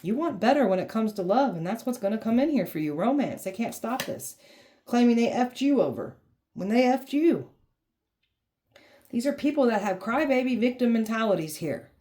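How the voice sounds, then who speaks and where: A woman's voice: fairly high pitch, animated, normal speed, dark tone. A woman giving a blunt tarot reading, sassy and heated, swearing freely and mocking the people she describes. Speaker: tarot reader.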